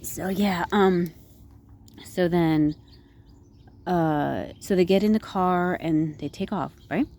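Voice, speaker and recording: Woman, low register, casual rambling movie-recap vlogger, heavy use of fillers and "right?" tags. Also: takes it slowly, long pauses, dark tone. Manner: rambling, full of "like", "you know" and "right?". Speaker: movie reviewer.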